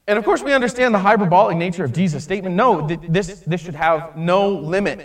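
Animated high-voiced male preacher, a bit distant. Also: fast. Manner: animated, acts out quoted voices, swings from loud to hushed. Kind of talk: sermon.

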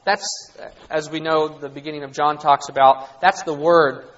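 A man's voice: fairly high pitch, fairly even intonation, moderate pace, fairly bright tone, highs cut off. A man teaching a Bible lesson as a preacher, earnest and emphatic, pushing his voice up to stress key points.

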